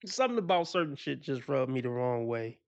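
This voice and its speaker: A man's voice: mid-range voice, sing-song, fairly quick, creaky, lo-fi sound. A man, hosting a casual commentary stream. He talks emphatically and profanely, and laughs at the lines he quotes mockingly. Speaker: channel host.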